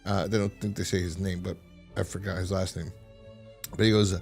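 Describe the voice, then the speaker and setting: A man's voice: sits low, flat delivery, a little fast, vocal fry, long pauses, a little mellow, slightly rough, faint music behind. A man hosting a casual review podcast, retelling a plot in a rambling way with lots of restarts. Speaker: podcast host.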